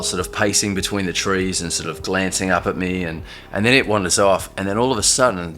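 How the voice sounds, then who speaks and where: A young man recounts his own experience in a relaxed, halting manner, with frequent fillers and restarts. His voice sits very low. Faint music plays underneath. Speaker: storyteller. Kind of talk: casual first-person storytelling.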